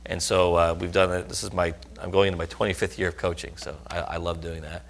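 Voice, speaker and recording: Man, middle-aged, gravelly, lowish voice, earnest sermon testimony, emphatic bursts. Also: little pitch movement, fast talker, slight background noise. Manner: earnest storytelling, rising to emphatic outbursts.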